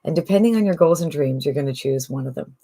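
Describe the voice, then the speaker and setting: A woman's voice: low voice, animated, fast, warm tone. A woman from Canada talking casually and persuasively about an online business, with lots of rhetorical questions. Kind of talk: casual sales pitch monologue.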